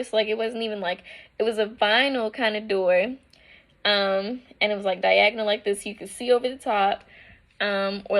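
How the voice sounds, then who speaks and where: A woman's voice: medium pitch, fairly bright tone. A young woman casually telling viewers a personal story, speaking frankly, with lots of "like" and slang. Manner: slang-flavored, addresses viewers as "y'all". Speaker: vlogger.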